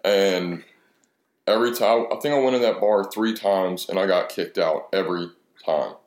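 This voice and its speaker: A man's voice: low-pitched, moderate pace. A man in his twenties telling a profane, rambling bar story in casual chat, acting out the other people's lines as he goes. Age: 20s. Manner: profane, storytelling with quoted dialogue. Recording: echoey room.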